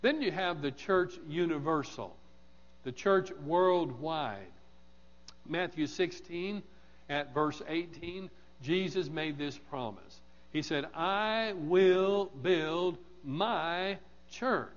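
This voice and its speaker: A man preaching a morning sermon, measured and deliberate, repeating key phrases with emphasis. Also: fairly high pitch, expressive. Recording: dull sound in a reverberant hall.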